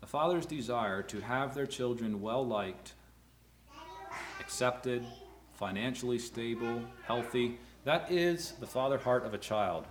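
A middle-aged man preaching a sermon to fathers, earnest, rising loud on key words and dropping low. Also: expressive, measured pace, a little hiss or hum. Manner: earnest, rises loud for emphasis then drops low. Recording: echoey room.

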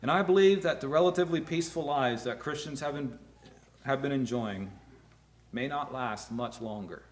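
A middle-aged man preaching a sermon to fathers, earnest, rising loud on key words and dropping low. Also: normal speed, a little hiss or hum. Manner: earnest, rises loud for emphasis then drops low. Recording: echoey room.

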